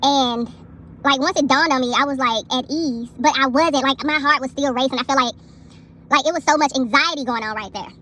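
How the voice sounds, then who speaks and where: A young woman vlogger telling a personal story in an animated, emphatic way, often turning to address her viewers. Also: high voice, a little fast, a little hiss or hum. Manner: animated, emphatic retelling with lots of asides to viewers. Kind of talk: casual storytelling vlog.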